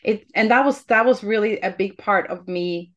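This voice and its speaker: A woman's voice: medium pitch, normal speed. A woman hosting a podcast interview, talking in an earnest, reflective way with frequent restarts. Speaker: podcast host. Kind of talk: heartfelt conversational interview.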